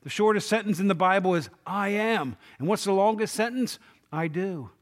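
A man preaching a sermon, retelling scripture in an animated storytelling way and acting out the quoted lines. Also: sits high, a little fast. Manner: self-deprecating humor.

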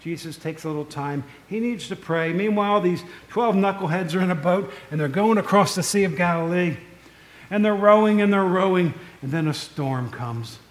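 In an echoey room, a male pastor preaches in a storytelling, conversational style, frequently making asides to his congregation. His voice is high and his pace moderate.

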